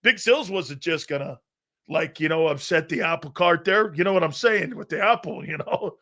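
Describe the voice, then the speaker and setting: Boisterous, animated man with a high voice. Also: normal speed. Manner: boisterous, loud, laughs often, blunt and profane; rambling anecdotes with stop-start phrasing. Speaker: sports talk show host. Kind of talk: live football talk and storytelling.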